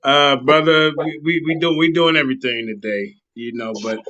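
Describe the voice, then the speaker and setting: Bright, hyped man hosting a stream. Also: on the high side, moderate pace. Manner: hype, energetic. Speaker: host. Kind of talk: hosting a live debate stream. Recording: dull lo-fi stream audio.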